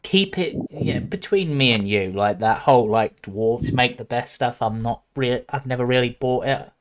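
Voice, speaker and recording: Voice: mid-range voice, normal speed. Easygoing tabletop player. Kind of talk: casual tabletop play.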